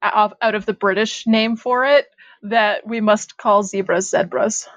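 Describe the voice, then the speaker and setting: A woman's voice: mid-range voice, fairly even intonation, unhurried, fairly bright tone, no room sound. A woman from Canada, chatting and teasing on a podcast, laughing often. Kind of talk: casual chat. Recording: muffled dry lo-fi audio.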